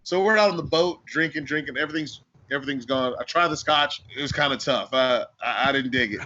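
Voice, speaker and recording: Animated host, bright slightly high voice, swears and laughs, muffled lo-fi audio. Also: male voice, a little fast. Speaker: podcast co-host. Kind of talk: casual chat and storytelling. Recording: dull lo-fi audio.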